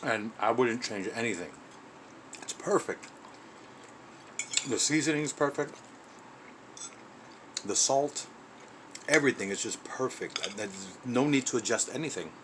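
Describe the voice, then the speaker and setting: A man's voice: mid-range voice, lively intonation, moderate pace, pauses often, background noise. A man hosting his own cooking vlog, chatty and enthusiastic, talking while he eats in his home kitchen. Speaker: cooking channel host.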